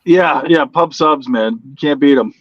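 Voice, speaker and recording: A laid-back male comedian chats as a guest and laughs easily. His voice is a little high for a man. The sound is slightly dull and dry. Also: unhurried, no room sound. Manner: laid-back, laughs often, says yeah a lot. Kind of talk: casual chat.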